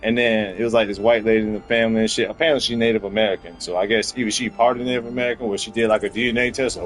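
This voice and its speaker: A young man hosting a casual podcast chat, telling stories in a heated, profane way that climbs into loud outbursts. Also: lowish voice, rapid-fire, few pauses, soft background music, poor audio. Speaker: podcast host.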